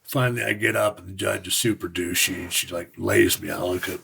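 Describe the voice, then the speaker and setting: Raspy, hoarse-sounding man from Utah, low-pitched, frank and rambling storyteller. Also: little pitch movement, fairly quick, sharp tone. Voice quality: gravelly, raspy voice. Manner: frank, rambling, swears casually. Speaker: podcast guest. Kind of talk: casual storytelling.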